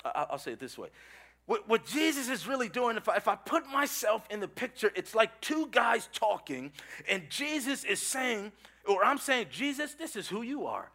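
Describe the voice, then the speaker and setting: A middle-aged male pastor preaching a sermon, swinging between loud calls to the congregation and hushed, intense lines, often repeating words. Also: high voice, very animated, moderate pace.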